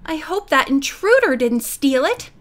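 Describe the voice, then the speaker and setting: A woman's voice: high-pitched, animated, unhurried, sharp tone, heavily acted. A woman reading as an anxious teenage girl sleuth. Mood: worried.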